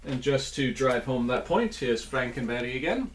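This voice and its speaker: A man's voice: medium pitch, lively intonation, moderate pace, a little hiss or hum. A man reviewing cereal in a casual vlog from a small indoor room, with playful, jokey asides.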